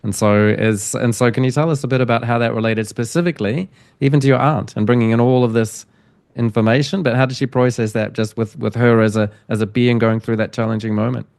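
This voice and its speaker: A man's voice: medium pitch, steady tone, fairly quick, gravelly, darkish tone, no echo. Man, podcast host, dry close sound, rephrases questions, rambling. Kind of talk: interview questions.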